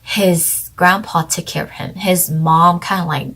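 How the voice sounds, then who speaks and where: A woman's voice: lowish voice, steady tone, measured pace, fairly bright tone. Chatty young woman reviewing a drama. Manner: chatty, rambling, heavy use of "like". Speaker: drama reviewer, channel co-host.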